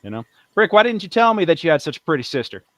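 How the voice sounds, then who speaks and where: Man putting on a flirtatious smooth-talking dockhand. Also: on the high side, sing-song, rapid-fire, a bit bright, pitched above the performer's own voice. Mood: flirty. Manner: drawling, sweet-talking, calls her darling.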